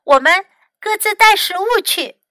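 A woman's voice: very high-pitched, animated, unhurried, bright, forceful tone, no echo, voice pushed up, full character voice. A woman voicing a brave, friendly young male animal who speaks cheerfully and coaxingly.

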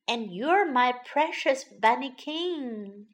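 A woman as a gentle mother rabbit. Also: high voice, lively intonation, takes it slowly. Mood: tender. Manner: gentle, motherly, sing-song. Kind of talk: children's storybook reading.

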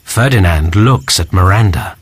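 A man narrating a graded reader story slowly and clearly. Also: deep voice, no echo. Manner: slow and clear.

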